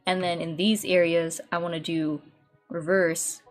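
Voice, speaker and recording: A young woman with a slightly low voice chats her way through a painting stream, rambling and restarting her sentences. Faint music plays softly behind her. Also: little pitch movement, measured pace. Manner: rambling and chatty, many "like"s and restarts. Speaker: VTuber streamer. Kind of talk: casual chat while painting on stream.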